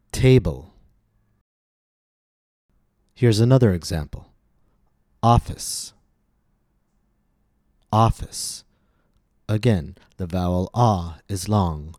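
A male pronunciation teacher with a deep, mellow voice talks slowly and deliberately. He leans hard on stressed syllables in his example words. The recording is dry and close. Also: no room sound. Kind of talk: scripted pronunciation lesson.

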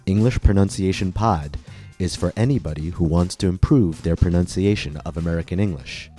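Man, pronunciation teacher, scripted lesson, deliberate careful diction, dark warm tone. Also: sits low, dry recording, clean studio sound. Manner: slow, deliberate, clearly articulated instruction.

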